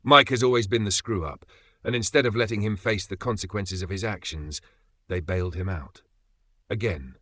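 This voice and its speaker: A man's voice: fairly low pitch, normal speed, pushed and bright. A man reading a first-person story aloud in a scripted narration style, telling it in an aggrieved, indignant way.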